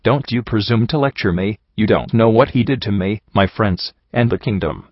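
Man reading proud female alicorn scholar, formal and defensive, low voice, dull dry audiobook sound. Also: moderate pace, slightly rough, dry recording. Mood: indignant.

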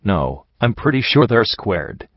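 A man's voice: fairly low pitch, sing-song, a little slow, dry recording. A man voicing a proud, defensive female alicorn scholar in a storybook reading, speaking formally. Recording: dull lo-fi dry recording.

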